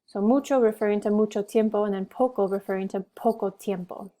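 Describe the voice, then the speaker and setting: Woman, language teacher, mellow warm tone, slow careful drilling, mixes English and Spanish. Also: mid-range voice, fairly even intonation. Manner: switches between English and Spanish. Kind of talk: classroom language lesson.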